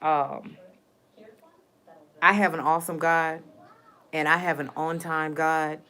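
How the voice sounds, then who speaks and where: A woman talking to her viewers in a heartfelt, rambling way, repeating herself for emphasis. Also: low-pitched. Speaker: vlogger. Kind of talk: casual personal vlog.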